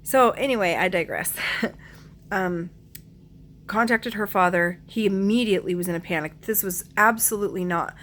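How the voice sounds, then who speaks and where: A woman in her forties telling her family's story to camera in an earnest, emotional way, often pausing to search for words and clearing her throat now and then. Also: medium pitch, fairly bright tone, slight background noise.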